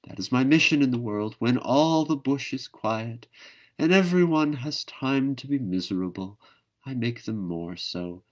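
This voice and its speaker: A vain little nightjar bird who fancies himself a great artist, as a man puts him on, lifting the pitch a bit above his plain reading. He is pompous and pleased with himself. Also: expressive, unhurried, close to an everyday voice. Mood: smug. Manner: pompous, self-satisfied.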